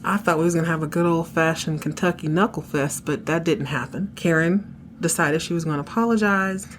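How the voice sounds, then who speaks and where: A woman's voice: deep voice, brisk, slight background noise. Candid, slangy woman podcast host. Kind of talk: casual episode recap.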